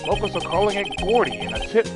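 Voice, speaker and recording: A formal male TV news anchor reads the bulletin in a measured broadcast tone, voiced by a woman. Game music plays behind him. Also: medium pitch, sing-song, close to an everyday voice. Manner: formal newsreader delivery.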